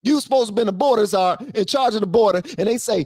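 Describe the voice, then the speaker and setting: A man hosting a live stream who rants with a lot of energy and reads viewers' chat aloud. He swings between shouting and low muttering. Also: quick pace, no echo. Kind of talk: ranting commentary and reading chat on a live stream.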